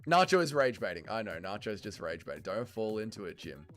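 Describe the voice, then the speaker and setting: A young man hosting a casual watch-along livestream, reacting to chat in an animated, swearing way. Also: on the low side, a little fast, soft background music. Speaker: livestream host.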